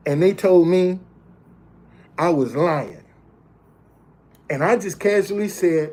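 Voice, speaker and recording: Speaking at a measured pace with long pauses, this man has a high voice and a dark tone. He's 50 or older, a motivational speaker recounting something personal in a plain-spoken monologue aimed right at his listeners, repeating words as his point takes shape.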